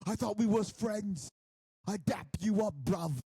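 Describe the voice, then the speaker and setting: A man's voice: high voice, a little slow, warm tone, breathy edge, dry recording, studio quality, voice pushed up, heavily acted. A man voicing an aggrieved young British male wrestler in a sing-song, whiny way, full of slang.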